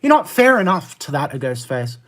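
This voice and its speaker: A live streamer chatting with viewers and arguing back at their messages in fast rants full of "like", laughing often. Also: medium pitch, sing-song, a bit bright, slight background noise. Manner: argumentative, fast rants with many "like" fillers; laughs often, easily amused.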